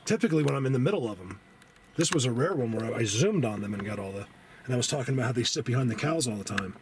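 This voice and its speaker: Male outdoor vlogger, excitable and chatty, hand-held camera mic, clear wind and outdoor noise. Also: fast talker. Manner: excitable, talks to animals in a high baby voice, drops to hushed tones. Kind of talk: casual walking vlog. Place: outdoors on a trail.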